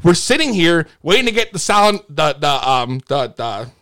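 Animated high-voiced man telling a story. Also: moderate pace. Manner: animated, swears freely, restarts and repeats. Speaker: livestream host. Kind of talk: casual storytelling to a live audience.

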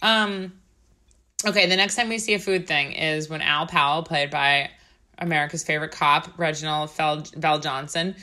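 A woman's voice: low voice, fairly even intonation, normal speed, pushed and bright. A woman co-hosting a podcast in casual chat, talking loosely with swearing, laughs and quoted movie lines. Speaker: podcast co-host.

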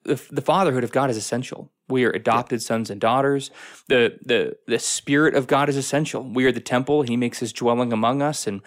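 A man's voice: medium pitch, fairly quick. Emphatic man talking church life. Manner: emphatic and animated, acts out quotes. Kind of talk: podcast discussion.

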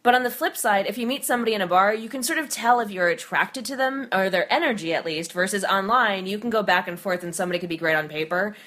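A woman hosting a podcast, chatting casually in a middle-pitched voice. She talks freely, with easy laughs running through her story. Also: quick pace, few pauses, a bit bright. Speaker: podcast host. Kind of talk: casual chat. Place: New York.

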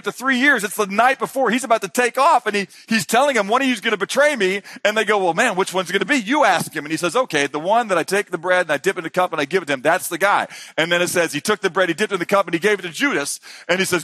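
Casting: male pastor with a high, bright voice, dry close sound, lively sermon delivery. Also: racing, hardly any pauses, dry recording. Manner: animated preaching, voices Jesus and disciples in quotes, drops to hushed emphasis. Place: conference hall.

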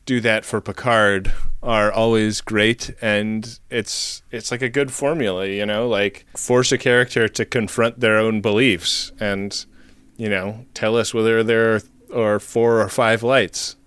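A man's voice: lowish voice, steady tone, unhurried, fairly bright tone, clear, resonant tone, no room sound. A man co-hosting a podcast in casual chat, chatty and laughing, with fillers as he talks. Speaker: podcast co-host.

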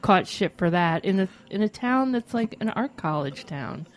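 A woman's voice: medium pitch, lively intonation, normal speed. A woman co-hosting a radio talk show, telling sardonic travel stories and laughing as she talks. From Pennsylvania. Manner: sardonic storytelling, laughs while talking. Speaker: co-host. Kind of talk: casual banter.

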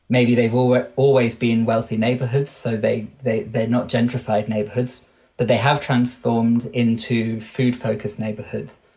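A man in his thirties with an English accent, talking as an interview guest. His voice sits at an ordinary middle pitch, and his delivery is considered and searching, full of small restarts as he reworks each phrase. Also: a little mellow. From Wales. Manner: thoughtful, frequent restarts and self-corrections. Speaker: guest researcher. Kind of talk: podcast interview conversation.

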